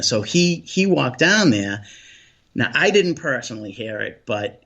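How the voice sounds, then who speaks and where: A man from Boston with a Boston accent, chatting as a guest in a relaxed interview, rambling with lots of restarts and ums. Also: medium pitch, measured pace, husky. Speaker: paranormal investigator guest. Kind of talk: casual interview chat.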